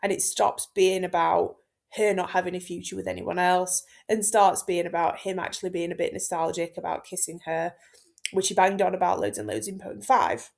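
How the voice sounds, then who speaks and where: A woman's voice: lowish voice, flat delivery, moderate pace, creaky. A woman, a Latin teacher talking through a poem line by line for exam students in a chatty, informal way, with lots of fillers. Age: 30s. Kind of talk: exam-focused text explanation.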